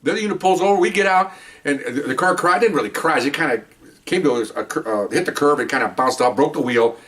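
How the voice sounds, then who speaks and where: An older man, a retired police officer, tells a story in a casual, animated way, acting out voices and restarting his sentences. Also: a little high, quick pace, far from the mic. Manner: animated, acts out voices, laughs, many restarts.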